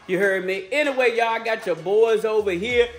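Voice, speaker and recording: A woman, talking to her children and viewers in a playful, teasing family vlog with a relaxed drawl and plenty of slang. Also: fairly high pitch, normal speed. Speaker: family vlogger. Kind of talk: casual vlog talk to kids and viewers.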